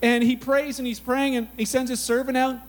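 A man preaching a sermon in a casual, animated, conversational way, telling Bible stories with lots of "like" and "you know". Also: very high voice, fairly quick. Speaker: pastor.

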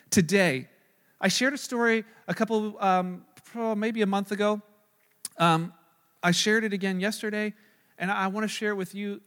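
A man's voice: high-pitched, fairly bright tone, big-room sound. A man preaching as a pastor, earnestly retelling a hospital conversation, with frequent fillers and restarts. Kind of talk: sermon storytelling.

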